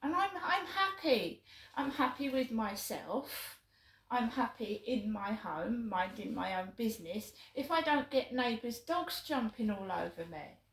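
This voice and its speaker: A woman's voice: fairly high pitch, animated, a little slow, echoey room, poor audio. A woman telling a flustered, chatty story to her phone camera while out walking at night. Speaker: vlogger. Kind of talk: casual vlog monologue. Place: outdoors at night on a walk.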